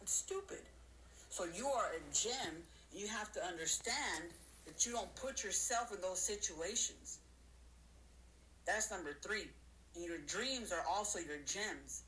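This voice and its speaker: A woman giving a casual motivational talk to her audience, counting off her points and acting out other people's voices in high squeals. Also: a little slow, bright, forceful tone, a little hiss or hum, low-quality recording. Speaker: motivational speaker.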